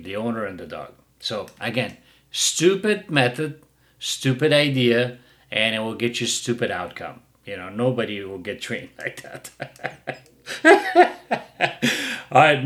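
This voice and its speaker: A man's voice: medium pitch, a bit bright. A middle-aged man who hosts a dog-training show and delivers a blunt, mocking casual rant. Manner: blunt, mocking, bursts of laughter.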